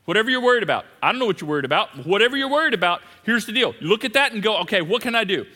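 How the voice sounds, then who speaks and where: A man preaching a sermon as pastor, swinging between loud emphatic repetition and hushed asides. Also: high voice, lively intonation, racing. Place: large church hall. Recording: long reverb of a big hall.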